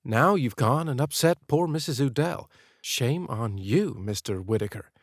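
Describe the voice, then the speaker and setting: A man's voice: mid-range voice, lively intonation, a little slow, no echo, studio quality. A man doing a cocky Texan woman, teasing. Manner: teasing, self-assured. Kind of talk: audiobook character voice.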